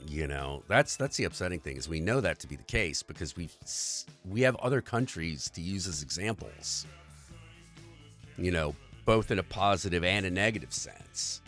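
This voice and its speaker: A man's voice: low voice, expressive, normal speed, fairly bright tone, soft background music. A man hosting a livestream, in an earnest, rambling and profane rant about society. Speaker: livestream host. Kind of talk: casual political rant.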